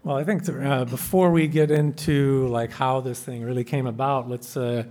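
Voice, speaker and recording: A man's voice: mid-range voice, fairly even intonation, moderate pace, darkish tone. A man on a live convention panel, addressing the audience directly with hesitant fillers.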